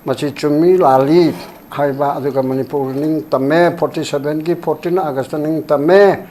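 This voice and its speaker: An older man being interviewed about politics, speaking rapidly and emphatically, sometimes quoting documents in English. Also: fairly high pitch, steady tone, warm tone, a little hiss or hum. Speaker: former human rights commission chairperson, interview guest.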